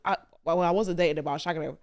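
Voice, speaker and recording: A woman's voice: fairly low pitch, fairly even intonation, racing, a little mellow. A woman hosting a podcast, asking playful, teasing questions in casual chat. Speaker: podcast host.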